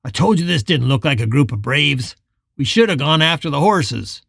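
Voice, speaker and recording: A man's voice: a little high, expressive, moderate pace, vocal fry, a bit bright, breathy edge, dry recording, clean studio sound, heavily acted. A man voicing a hot-tempered, scarred rancher gunman who spits and hisses his words. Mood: irritated. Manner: angry, spitting, hissing.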